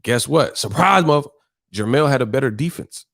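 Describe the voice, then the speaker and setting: A man's voice: medium pitch, lively intonation, moderate pace, vocal fry, fairly bright tone. A man hosting a boxing live stream, ranting bluntly and combatively with heavy cursing. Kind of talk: casual live-stream rant.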